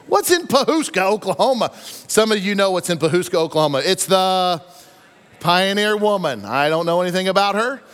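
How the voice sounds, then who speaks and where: A married man preaching a sermon, telling stories and acting out the quotes in an animated way. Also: high-pitched, smooth. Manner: animated storytelling, acts out quotes. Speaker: pastor. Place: church sanctuary. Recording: long reverb of a church hall.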